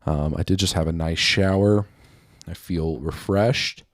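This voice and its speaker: A man's voice: low-pitched, steady tone, unhurried, no room sound, clean studio sound. A man hosting a solo podcast, chatting off the cuff in a rambling, self-mocking way and laughing at his own jokes. He is a little out of breath. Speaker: podcast host. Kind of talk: unscripted solo chat.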